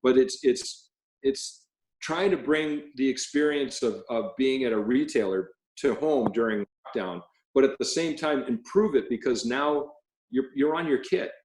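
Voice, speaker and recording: A man, a cymbal company president, guest on an interview show, telling animated stories with laughter. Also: medium pitch, measured pace, reverberant, low-quality recording. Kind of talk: storytelling in casual interview.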